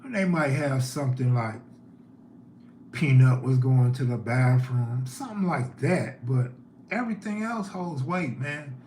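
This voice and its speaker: A man's voice: medium pitch, expressive, measured pace, a little mellow, reverberant, a little hiss or hum. A man hosting a live stream, telling neighborhood stories in a laid-back way and reading chat aloud.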